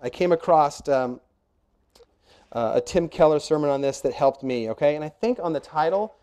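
A man's voice: fairly high pitch, lively intonation, moderate pace, a little mellow, clean tone. A middle-aged man preaching a sermon as pastor, earnest and emphatic, asking rhetorical questions and laying out numbered points.

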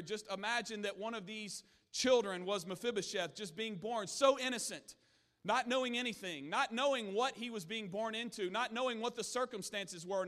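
A man's voice: high-pitched, fairly bright tone, in a large hall. A man preaching a sermon in a church, telling stories earnestly with frequent restarts. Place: church sanctuary.

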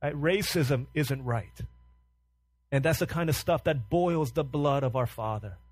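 A man preaching a sermon as pastor, impassioned and full of rhetorical questions, sometimes dropping low and quiet. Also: unhurried, slightly rough, no echo.

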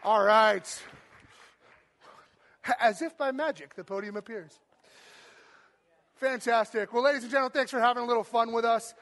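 Man, very high voice, bright forceful tone, energetic stage host, shouting cheers, playful jokes. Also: normal speed, pauses often. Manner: playful, joking asides. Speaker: church game host and speaker. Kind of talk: live stage talk to an audience.

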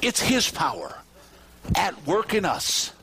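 A man with a high, light voice preaches a sermon in a church. He swings from soaring, near-shouted peaks to hushed, slow endings, leaning hard on single words. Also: huge pitch swings, a little hiss or hum. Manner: preaching with wide swings, rising to shouts and dropping low. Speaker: pastor. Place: church sanctuary with congregation.

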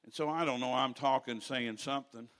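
An older man preaching a sermon in a church, telling stories with rambling asides and rising to loud preaching at times. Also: mid-range voice, steady tone, a little fast.

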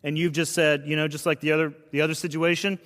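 A man preaching a sermon as a pastor, in a conversational, earnest style that often drops to a hushed delivery. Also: on the high side, flat delivery, fast. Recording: long reverb of a large hall.

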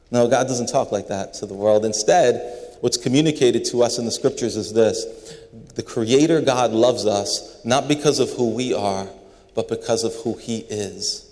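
In a large building, a man gives a sermon with earnest conviction, repeating words as he drives his points home. He is a pastor with a mid-range, darkish voice and an unhurried delivery, and the long echo of a large hall hangs on every line.

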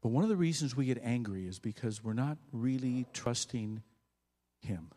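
A male pastor preaching a sermon, swinging from loud bursts to quiet, low asides. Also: moderate pace. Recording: long hall reverb.

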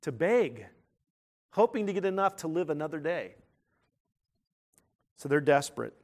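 Male preacher with a high voice, animated and emphatic, who rises to sudden loud outbursts and keeps asking his listeners questions. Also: normal speed. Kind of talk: sermon.

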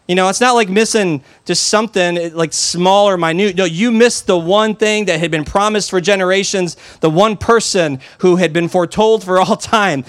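A man preaching as a pastor, his voice sitting a little high for a man. He delivers the sermon conversationally, with animated asides and stories. The sound is dry, with no room echo. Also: moderate pace, smooth.

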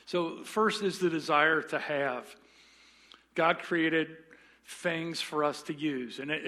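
A man's voice: on the high side, sharp tone. A man preaching a sermon as pastor, often restarting words and telling folksy jokes.

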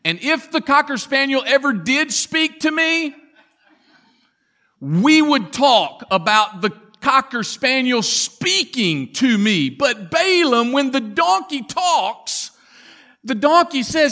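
A man preaching a sermon, telling the story dramatically and swinging from loud to hushed. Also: extremely high pitch, big pitch swings, takes it slowly. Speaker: pastor.

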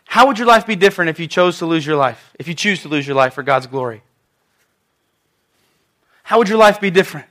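Bright, high-voiced male preacher. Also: brisk, long pauses. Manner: animated, conversational preaching with asides to the congregation. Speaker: pastor. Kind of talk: sermon. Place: church.

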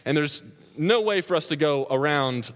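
A man preaching a sermon, telling a story with lively energy and laughing as he goes. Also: a little high, normal speed. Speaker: pastor. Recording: long reverb of a large hall.

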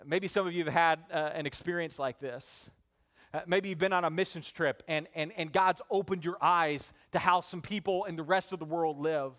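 A man, a father, preaching a sermon in church, building with emphatic repeated phrases, then dropping to hushed, slow lines. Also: steady tone. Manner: dynamic preaching, rising emphatic repetition then hushed low endings. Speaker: pastor.

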